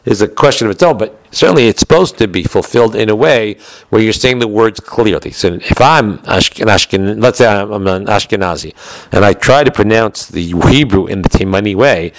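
Fast-talking American man teaching Torah. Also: lowish voice, no echo, rough recording. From United States. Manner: quick, conversational explaining with frequent restarts. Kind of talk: lecture on Jewish law.

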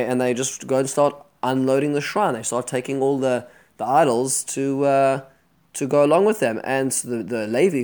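Man, mid-pitched, teaching a Bible lesson with animated, restart-prone storytelling. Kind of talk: lecture retelling a Bible story.

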